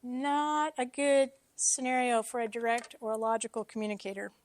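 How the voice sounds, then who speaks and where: Teaching a church congregation in a casual style, a woman jokes at her own expense and throws in lively, quick asides. Her voice sits fairly high, and the recording is dry and close.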